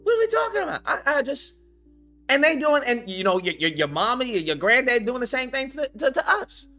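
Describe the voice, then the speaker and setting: Animated, profane male ranter. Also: very high-pitched, a little fast, faint music behind. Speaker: channel host. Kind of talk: commentary rant.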